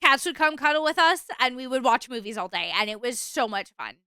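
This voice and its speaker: Bright, lively young woman chatting. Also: sits high, brisk, clean tone, no room sound. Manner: chatty, rambling, animated, with fillers and bursts of exasperation. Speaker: streamer. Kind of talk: casual chat with stream chat.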